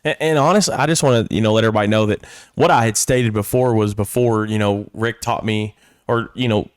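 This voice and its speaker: A man's voice: on the low side, a little fast, smooth, dry recording, clean studio sound. An American man co-hosting a sports talk show, chatting casually and calling people "man". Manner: relaxed, says "man" a lot. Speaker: co-host and youth recruiter. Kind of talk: casual podcast chat.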